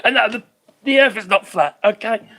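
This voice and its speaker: Live stream host, rambling commentary, exasperated, profane, mid-pitched voice. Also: normal speed, sharp tone. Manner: swears freely, exasperated, trails off searching for names.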